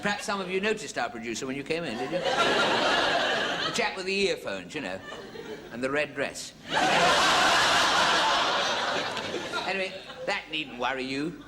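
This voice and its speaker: A man's voice: fairly high pitch, big pitch swings, measured pace, pauses often, a loud crowd. A man telling a rambling joke in a wry stand-up monologue. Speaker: comedian. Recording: noisy live stage recording. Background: audience laughter.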